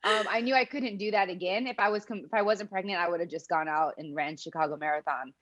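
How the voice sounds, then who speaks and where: A woman's voice: fairly low pitch, fast, a bit bright, dull audio. A young woman speaking as a podcast guest in a casual, reflective way, laughing often. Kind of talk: casual interview talk.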